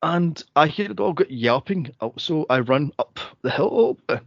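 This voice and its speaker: A Scottish man with a slightly higher voice tells a story in a casual chat. He is animated and loose, swears freely, and laughs through his own tale. The recording is dry and close, with a muffled lo-fi quality. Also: normal speed, vocal fry, no room sound. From Scotland. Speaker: podcast co-host.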